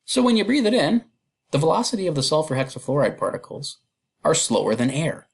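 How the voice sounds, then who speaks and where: A man teaches a recorded chemistry lesson in a loose, chatty style, working through problems with fillers and self-deprecating asides. His voice is a little high and swings widely in pitch, a bit fast, creaky, with a breathy edge.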